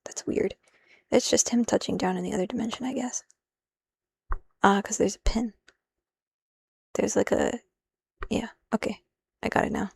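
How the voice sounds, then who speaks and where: A woman with a gravelly, fry-tinged voice talks her way through a translation on a live stream. She rambles, cuts herself off mid-phrase and drops in bits of Japanese as she goes. The sound is dry and close. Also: medium pitch, fairly even intonation, normal speed, long pauses, darkish tone, no room sound. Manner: rambling, self-interrupting, easily sidetracked. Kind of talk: live stream, thinking aloud while working.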